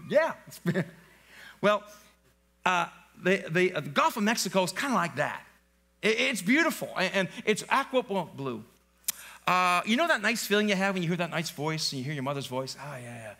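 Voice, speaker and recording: A man's voice: high-pitched, big pitch swings, moderate pace, pushed and bright. A male pastor preaching a live church sermon in a conversational, joking way, often quizzing the congregation. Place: church sanctuary, live service.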